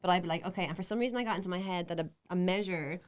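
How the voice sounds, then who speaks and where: An Irish woman in her thirties, a comedy podcast co-host telling animated, self-mocking stories in casual chat. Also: lowish voice, rapid-fire, clear, resonant tone. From Ireland.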